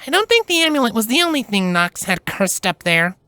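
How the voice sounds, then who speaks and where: A man's voice: extremely high pitch, big pitch swings, brisk, bright, forceful tone, no room sound, voice pushed up, heavily acted. A man doing a cold, guarded young alicorn mare. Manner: cold, defensive.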